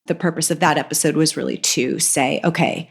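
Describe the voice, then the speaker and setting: A woman hosts a podcast on her own, her voice a little congested. She speaks in a fairly low register. Her talk is loose and conversational. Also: steady tone, a little fast, vocal fry, slightly rough. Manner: chatty, conversational with fillers. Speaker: podcast host. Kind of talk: casual podcast monologue.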